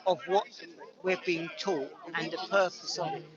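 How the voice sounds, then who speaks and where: A man in an earnest outdoor discussion, speaking deliberately and repeating words as he goes. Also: high voice, fairly even intonation. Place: busy outdoor public park. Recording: dull phone audio in a loud crowd.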